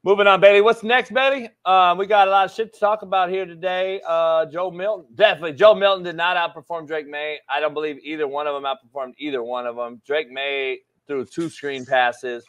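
A man's voice: on the high side, fairly even intonation, a little fast, few pauses, fairly bright tone. A man hosting a sports talk show, chatting casually in a blunt, profane way and teasing his co-host. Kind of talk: casual chat.

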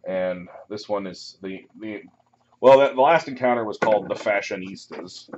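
A man running a tabletop game as dungeon master, relaxed and rambling with many pauses and ums. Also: lowish voice, background noise. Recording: muffled lo-fi recording.

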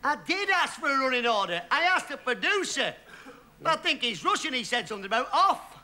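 A man's voice: extremely high pitch, big pitch swings, brisk, bright, forceful tone. A man, one half of a comedy double act, playing the bumbling, confused stooge in a scripted sketch. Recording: noisy TV studio with audience laughter.

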